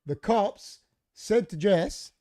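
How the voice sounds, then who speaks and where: A man's voice: high-pitched, slow. A man on a podcast in a studio, telling a story in casual, profane chat and acting out what people said. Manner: profane, animated, acts out quoted dialogue. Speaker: podcast co-host.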